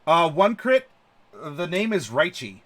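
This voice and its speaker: A man's voice: on the high side, very animated, slow, a bit bright. A man hosting a casual live-stream chat, talkative and laughing often, with plenty of fillers. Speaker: channel host.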